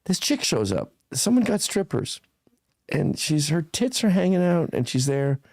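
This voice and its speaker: A man's voice: a little high, very animated, measured pace, gravelly, darkish tone, no room sound. A man in his fifties, a podcast guest telling stories in a blunt, profane, casual way. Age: 50s.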